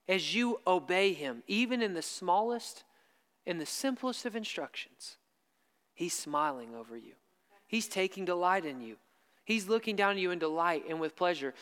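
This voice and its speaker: High-voiced man preaching in a hall. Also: fairly bright tone, smooth. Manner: emphatic, repeats key lines slowly for stress. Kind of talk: sermon.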